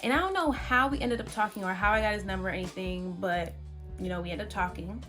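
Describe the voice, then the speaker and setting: A young woman vlogger, telling a story casually to her viewers, animated and exclamatory with a lot of "like". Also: medium pitch, fast talker, music in the background.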